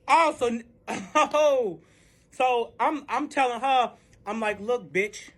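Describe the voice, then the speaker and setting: A man telling a dramatic personal story in a storytime vlog, animated and full of profanity. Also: very high-pitched, slow. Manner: heavy profanity, animated retelling.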